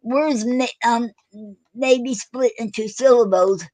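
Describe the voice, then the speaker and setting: A woman hosting a casual online poetry show, talking haltingly with many fillers and self-corrections. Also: a little high, mellow, dry recording, rough recording. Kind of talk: casual live-stream chat.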